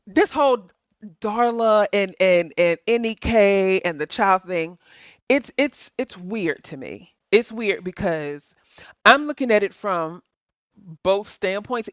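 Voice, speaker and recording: A woman co-hosting a casual talk show, expressive and quick to laugh, fond of slangy turns of phrase. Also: medium pitch, dry recording. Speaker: podcast co-host. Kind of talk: casual chat. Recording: slightly dull, lo-fi sound.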